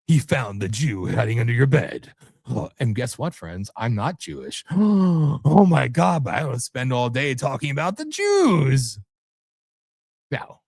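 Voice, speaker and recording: A man's voice: mid-range voice, no echo. Male talk host, mid-range voice, dry close sound, profane rambling rant. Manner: rambling, profane, combative, jumps between topics. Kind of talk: live political talk show rant.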